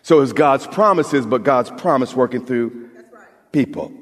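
A male pastor preaching a sermon, talking with his congregation conversationally and rising to emphatic shouts, recorded in a church sanctuary. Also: mid-range voice, a little slow. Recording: long reverb of a large hall.

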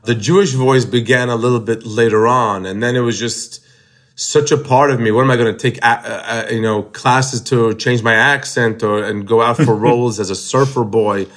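Male comic guest, casual and halting, mid-range voice. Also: medium pitch, fairly even intonation, a bit bright. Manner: hesitant starts, repeated words. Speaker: guest comedian. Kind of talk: casual interview talk.

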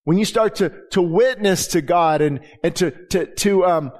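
A man's voice: high-pitched, moderate pace. A middle-aged man, a pastor giving a conversational sermon and acting out the dialogue in his stories. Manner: conversational preaching, acts out dialogue in anecdotes.

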